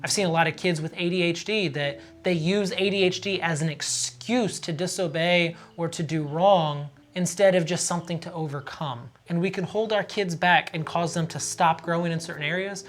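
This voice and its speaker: A man who is a father of daughters, giving parenting advice to camera in a steady, earnest way and briefly acting out short quoted phrases. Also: on the high side, normal speed, hardly any pauses, slight background noise.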